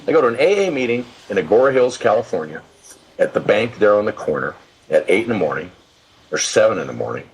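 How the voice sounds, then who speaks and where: Husky low-voiced older man, profane storyteller. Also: fast talker, poor audio. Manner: profane, animated storyteller with many restarts. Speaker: guest, live event production executive. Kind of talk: casual storytelling interview.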